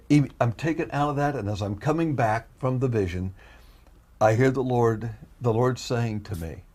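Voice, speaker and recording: A man giving an earnest, emotional personal testimony. He is a guest, and at times his telling rises into loud, high pleading. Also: moderate pace, slightly rough.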